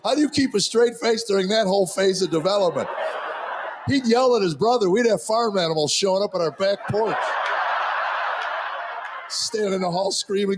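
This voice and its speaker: A man's voice: high voice, moderate pace, pauses often. A man doing a stand-up comedy routine, telling family stories and acting out their voices. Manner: storytelling, acts out family voices. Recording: clip played with audible background noise.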